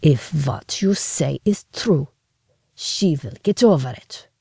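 Gruff bossy dad done by a woman, gravelly, slow and swoopy. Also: expressive, dark tone, dry recording, clean studio sound, heavily acted. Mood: commanding. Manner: slow, commanding, booming. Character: gruff, domineering middle-aged father.

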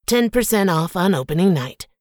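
A woman's voice: on the low side, lively intonation, normal speed, no room sound, clean studio sound, close to an everyday voice. Woman doing a tiny, grandiose circus showman. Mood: showy. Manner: grandiose, playful showman patter. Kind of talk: audiobook character voice.

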